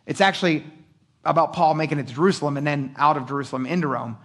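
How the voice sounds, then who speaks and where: A middle-aged man preaching a sermon, animated and casual, joking and acting out voices. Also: a little high, fast. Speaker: pastor.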